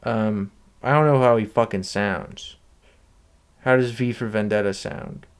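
A young man vlogging a comedic review, talking in a deadpan, crude, rambling way. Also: on the low side, a little slow, smooth. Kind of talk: comedic sticker review vlog.

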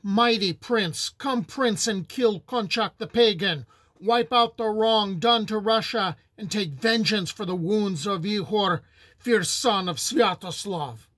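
A man voicing an aged, grieving prince who speaks in solemn, archaic words, slow and measured. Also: high voice, fairly bright tone, dry recording, full character voice. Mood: grave lament.

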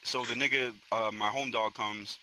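A man's voice: mid-range voice, moderate pace, slight background noise, poor audio. Profane, rambling young man from Florida. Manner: profane street slang, rambling and animated. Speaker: storyteller. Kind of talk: casual storytelling among friends. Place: online virtual social space.

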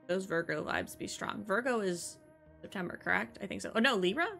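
Young woman, let's-play host, bubbly and excitable, faint game music behind. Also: medium pitch, brisk, creaky. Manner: bubbly, excitable, gasps and gushes often. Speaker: gaming channel host. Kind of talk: casual let's-play commentary.

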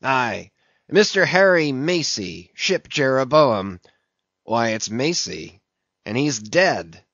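A man voicing a grim, obsessed old sea captain who speaks in a gruff, stern, commanding way. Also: mid-range voice, sing-song, takes it slowly, a bit bright, no echo, highs cut off, heavily acted.

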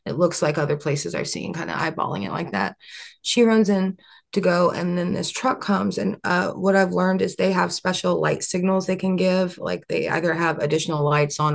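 Gravelly woman telling an earnest story. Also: low voice. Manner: rambling, earnest, many fillers and restarts. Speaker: interview guest. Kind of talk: candid storytelling interview.

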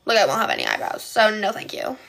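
A woman's voice: mid-range voice, huge pitch swings, fast, creaky, a bit bright. A young woman from Poland chatting on a phone live stream, answering viewer comments in a valley-girl way of talking and often stuttering. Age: young adult.

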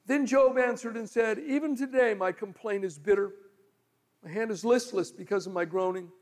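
A male pastor preaching a sermon, telling stories and shifting from loud pleading to low murmurs. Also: moderate pace. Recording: long hall reverb.

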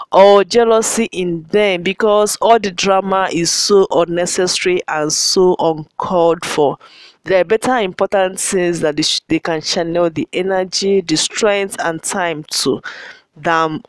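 A woman who runs a celebrity gossip vlog, reading fan comments aloud and chatting to viewers in a warm, gushing, affectionate way. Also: fairly low pitch, clear, resonant tone, dry recording, rough recording.

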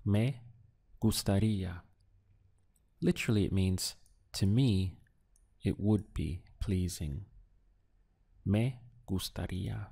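A man in a recorded lesson, patient and deliberate, pausing for the learner to answer. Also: deep voice, creaky, mellow, slightly rough. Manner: slow, patient drills with pauses for the learner. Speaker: language teacher.

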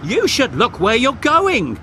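A man's voice: very high-pitched, animated, unhurried, bright, forceful tone, a little hiss or hum, voice pushed up, full character voice. A man voicing a sour, snappish female car in a storybook, talking in a scolding tone.

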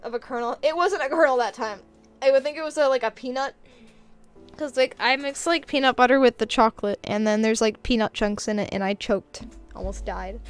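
A woman's voice: a little high, normal speed, faint music behind. A young woman live-streaming a game, chatting casually in a rambling way with lots of filler words and frequent laughter.

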